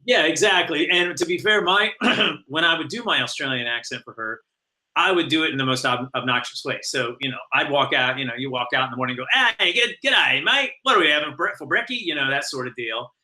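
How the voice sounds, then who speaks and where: Guest, male: halting storyteller, lots of ums and uhs, very bright sharp tone. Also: medium pitch, low-quality recording. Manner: hesitant, many fillers and restarts, laughs often. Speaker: guest, animated series showrunner. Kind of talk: casual podcast interview.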